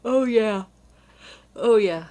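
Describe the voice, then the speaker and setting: A woman co-hosting a podcast, telling a personal story in a casual, animated way with lots of fillers. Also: fairly high pitch, slow pace. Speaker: podcast co-host.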